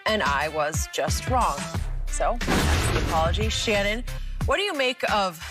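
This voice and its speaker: A woman host reading a news summary in a measured, newsreader-like way, then handing over to her co-host. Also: medium pitch, big pitch swings, loud music behind the voice. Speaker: show host.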